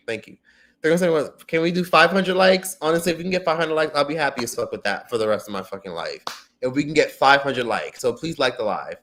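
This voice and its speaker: Speaking fast, a man hosts an informal livestream and responds to viewer comments. His delivery is excitable and full of swearing, with shouted outbursts that sink into low mutters.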